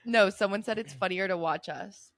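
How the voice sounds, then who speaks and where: A woman's voice: medium pitch, moderate pace, fairly bright tone, no room sound. Young woman podcast co-host with a mid-range voice, chatty and self-mocking, recorded dry. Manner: chatty and self-deprecating, heavy on "like". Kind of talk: casual chat.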